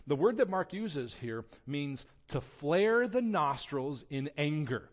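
Man preaching, slightly high voice, dull lo-fi recording, dynamic swings. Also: takes it slowly. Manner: expressive preaching, swings from quiet to loud. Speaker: pastor. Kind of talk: sermon. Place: church sanctuary. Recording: dull lo-fi sound.

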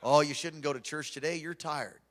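A man voicing a sly male devil who quietly coaxes someone to stay home. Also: fairly high pitch, fairly even intonation, normal speed, voice pushed down, close to an everyday voice. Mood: coaxing. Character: sly tempter whispering excuses, male devil.

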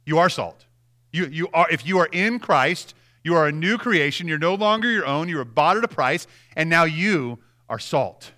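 A man's voice: fairly high pitch, expressive, normal speed, hardly any pauses, bright, forceful tone. A man preaching a sermon, emphatic and direct, repeating key phrases and speaking straight to the congregation.

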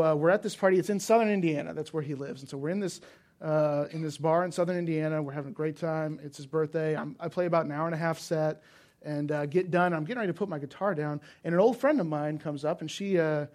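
A male preacher gives a sermon in a conversational, storytelling manner, with a slightly higher-than-usual pitch. He builds to emphatic, intense points. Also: brisk, darkish tone. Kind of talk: sermon with personal stories.

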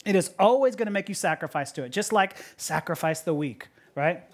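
A woman pastor preaches an animated sermon in a lowish voice, a little fast, laughing often. She repeats words as she goes and asks many rhetorical questions.

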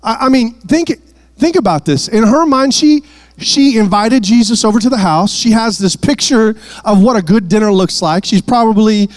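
A man's voice: sits high, moderate pace, no echo. A man preaching a sermon, with playful asides and repeated words.

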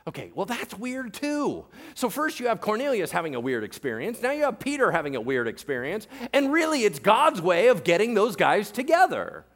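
Male pastor, sermon, animated, joking, lively pitch, slightly high voice. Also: normal speed, few pauses. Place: church.

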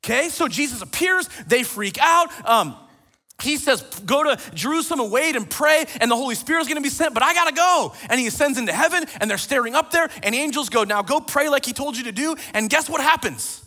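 High-voiced bright pastor preaching. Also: male voice, a little fast. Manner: animated storytelling, quoting scripture. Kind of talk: sermon. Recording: long reverb of a large hall.

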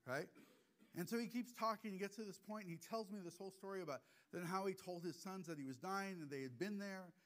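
Animated man giving a heartfelt sermon. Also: high-pitched. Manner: animated, acts out little dialogues, turns soft and hushed when moved. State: emotional. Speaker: preacher, hospice chaplain. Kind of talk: conversational sermon with personal stories. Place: church gathering.

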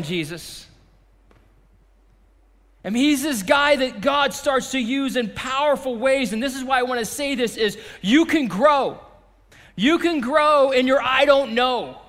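A man preaching a sermon as pastor, swinging from impassioned shouting to a hushed closing prayer. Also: extremely high pitch, big-room sound. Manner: impassioned, shouting repeated phrases, then dropping to a quiet prayer.

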